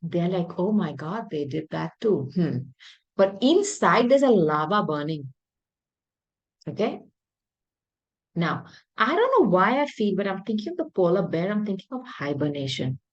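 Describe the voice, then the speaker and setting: A woman reading tarot cards for her viewers, talking in an emphatic, intuitive way, often repeating words and clearing her throat. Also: medium pitch, big pitch swings, unhurried, pauses often, highs cut off. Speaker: tarot reader.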